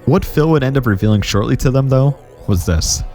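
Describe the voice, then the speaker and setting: A man narrating a scripted gaming history video in a steady, explanatory way. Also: mid-range voice, fairly quick, soft background music.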